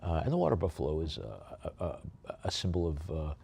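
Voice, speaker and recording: A man working as an auctioneer, describing lots in a rambling way with many fillers and then calling bids briskly. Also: rumbling low, huge pitch swings, vocal fry, mellow, slightly rough.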